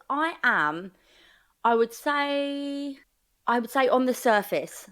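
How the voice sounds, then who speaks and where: A woman's voice: high voice, expressive, slow, a bit bright. Emotional woman in her thirties. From England. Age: 30s. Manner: emotional, open, rambling with likes and restarts. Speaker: podcast guest. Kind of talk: casual interview chat. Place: home flat.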